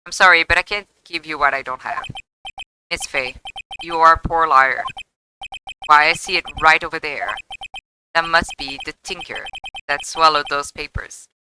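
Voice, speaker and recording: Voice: mid-range voice, moderate pace, pauses often, bright, forceful tone, slight background noise, low-quality recording. A streamer reading a pompous, mock-polite villain from a video game, with florid speech. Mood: smug. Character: pompous smug villain man, gentleman blackmailer.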